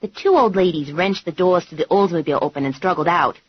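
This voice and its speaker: A woman reading a comic novel in the first person, with a wry, animated delivery. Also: lowish voice, quick pace, husky. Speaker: audiobook narrator. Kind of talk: scripted audiobook narration. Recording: dull, dry lo-fi recording.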